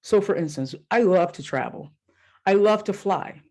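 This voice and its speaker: A woman's voice: on the low side, moderate pace. A woman life coach hosting a solo podcast, telling personal stories in a casual, candid way with the odd swear word and acting out her own inner voices. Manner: animated storyteller who acts out her own inner voices.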